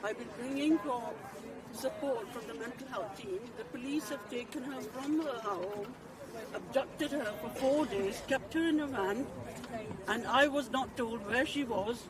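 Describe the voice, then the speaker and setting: A mother giving an urgent, indignant speech outdoors at a street protest, with halting restarts. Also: a little high. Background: crowd noise.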